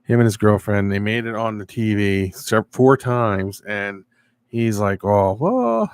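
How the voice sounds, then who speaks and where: Middle-aged male streamer, lowish voice, loose rambling chat with viewers. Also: flat delivery, a little slow, clear, resonant tone, dry recording. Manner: rambling, chatty, reads viewer comments. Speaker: live stream host. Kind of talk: casual live stream chat.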